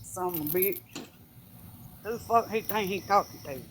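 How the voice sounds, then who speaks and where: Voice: medium pitch, moderate pace, slight background noise. A speaker on a live stream heckling bluntly and swearing freely. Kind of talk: casual live stream chat.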